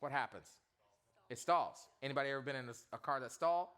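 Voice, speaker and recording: A man preaching to students as their youth pastor, telling a comic story in an animated way and quizzing the audience. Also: mid-range voice, fast, smooth.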